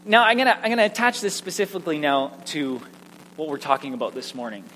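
A man preaching a sermon, telling personal stories in an animated, self-mocking way. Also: on the high side, fast talker. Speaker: pastor. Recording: echoey hall with faint hum.

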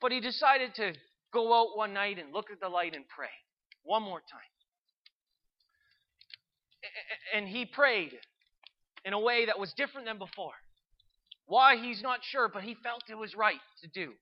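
A storyteller narrating a Christian story in an earnest, unhurried way, with asides to the listener. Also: medium pitch, expressive, muffled recording.

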